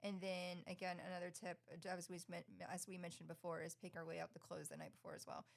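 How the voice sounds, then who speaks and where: A middle-aged woman co-hosting a casual podcast chat, bubbly and quick to laugh, acting out her mornings with her son. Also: on the low side, creaky. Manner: bubbly, laughs often, animated retellings. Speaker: podcast co-host.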